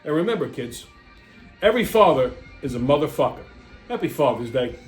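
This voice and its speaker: A man's voice: a little high, sing-song, brisk, soft background music. A man hosting a weekly wrap-up show, ranting in a crude, exasperated comic style. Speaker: host. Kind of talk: profane comedic rant.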